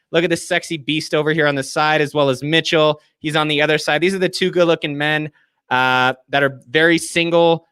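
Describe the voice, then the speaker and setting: A man's voice: a little high, bright, forceful tone, clear, resonant tone, no room sound. A man hosting a casual live video show, enthusiastic and effusive as he thanks and plugs his guests. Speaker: host.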